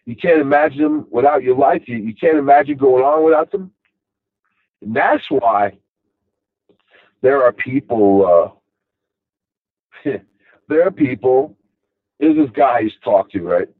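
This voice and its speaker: A man's voice: mid-range voice, expressive, unhurried, long pauses, no room sound. Rambling Long Island man, phone-thin sound. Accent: Long Island New York. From Long Island, New York. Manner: rambling, full of "you know" fillers. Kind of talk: casual monologue. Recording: tinny phone-like audio.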